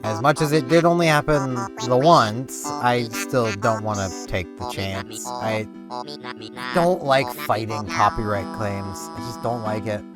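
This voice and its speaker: A man's voice: lowish voice, measured pace. A man hosting a gaming channel, giving casual gameplay commentary with rambling, self-deprecating chatter. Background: game music.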